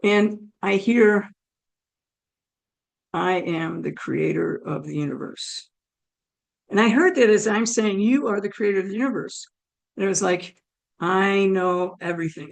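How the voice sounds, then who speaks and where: A woman speaks with a hoarse, gravelly voice, the strain of a damaged throat plain in every phrase. Her pitch sits in the middle range. She tells her story in an animated way, slipping into quoted asides as she acts out what she thought at the time. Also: brisk, rough recording. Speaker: guest telling her near-death story. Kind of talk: personal storytelling.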